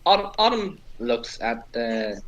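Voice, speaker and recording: A man's voice: mid-range voice, sing-song, takes it slowly, a bit bright, dull audio. A man playing his character in a tabletop game, earnest and hesitant, often stammering. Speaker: player.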